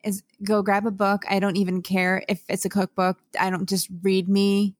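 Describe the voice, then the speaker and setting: A woman's voice: medium pitch, little pitch movement, normal speed, no room sound, clean studio sound. A woman co-hosting a podcast, gushing dreamily and playfully over her favorite idols. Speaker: podcast co-host. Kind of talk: casual fan chat.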